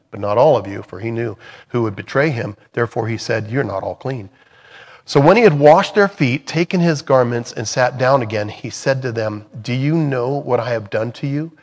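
A man's voice: mid-range voice, long reverb tail. A middle-aged man leading a Bible study. He talks earnestly and conversationally, then reads scripture aloud, often correcting himself as he goes. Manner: earnest and conversational, with many restarts while reading. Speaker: Bible study teacher and songwriter.

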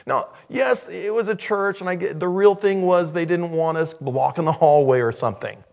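A man preaching a sermon in an animated way, swinging from loud and excited to quiet and reflective. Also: a little high, moderate pace, gravelly.

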